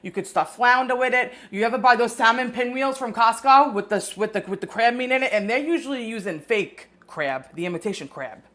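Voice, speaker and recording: A woman's voice: a little high, brisk, few pauses, a bit bright. Woman host, casual live cooking stream, chatty and rambling. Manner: chatty, greets viewers, rambling asides.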